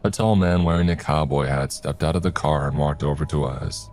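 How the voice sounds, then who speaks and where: Very deep-voiced man narrating horror. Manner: steady, measured storytelling. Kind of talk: scripted horror story narration. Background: faint music.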